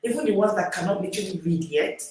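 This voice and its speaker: A woman giving a motivational teaching talk as a reading coach. She speaks emphatically, repeating key phrases and swinging between loud declarations and hushed asides. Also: mid-range voice, lively intonation, quick pace. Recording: very echoey room, mic far off.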